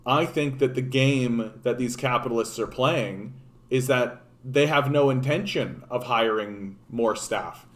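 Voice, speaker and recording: A man hosting a casual political livestream, talking off the cuff, rambling with frequent restarts and swearing. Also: medium pitch. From Canada. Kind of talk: casual unscripted commentary.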